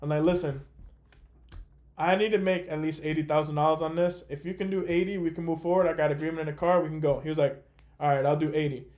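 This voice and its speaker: A young man hosting a call, telling a story in a casual, animated way with lots of fillers. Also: a little high, fast. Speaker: host.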